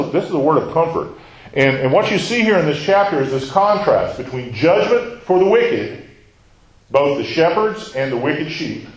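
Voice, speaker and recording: Preacher man in an echoey room. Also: fairly high pitch. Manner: teaching, asks the listeners questions; acts out quoted lines, drops to a near whisper. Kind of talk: sermon.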